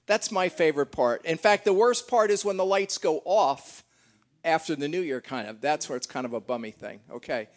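A man's voice: a little high, expressive, moderate pace. A middle-aged man leading a church gathering, joking and teasing his congregation in a casual, chatty way.

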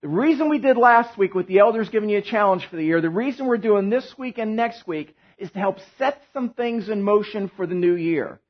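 A man preaching a sermon as pastor, animated and joking, telling stories to his church. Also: high-pitched, fairly quick, hardly any pauses, dull audio. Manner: animated, joking storyteller who drops to a hushed tone in prayer.

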